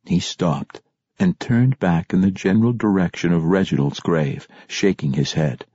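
A man reads fantasy narration in a measured, steady manner, lifting into dramatic emphasis on key phrases. His voice is low and husky, recorded close and dry with a dull, lo-fi sound. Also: no echo. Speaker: audiobook narrator.

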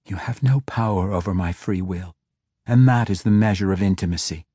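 A man's voice: sits low, moderate pace, warm tone, breathy edge, no room sound, clean studio sound. A man voicing a defiant, proud young woman priestess in an audiobook, firm and cold. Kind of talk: audiobook character voice.

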